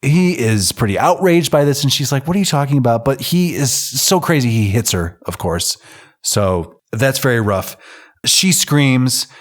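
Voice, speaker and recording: A man's voice: mid-range voice, lively intonation, a little slow. A man casually recapping an old film on a podcast, joking, swearing and acting out the characters' lines. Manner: loose, profane, acts out characters' lines in quotes. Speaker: podcast co-host.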